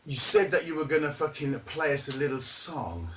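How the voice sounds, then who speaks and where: A man's voice: a little high, very animated, normal speed, a bit bright, slight background noise. A man co-hosting a podcast in casual chat, laid back and swearing. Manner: laid-back, profane interjections. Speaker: podcast co-host. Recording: distant mic.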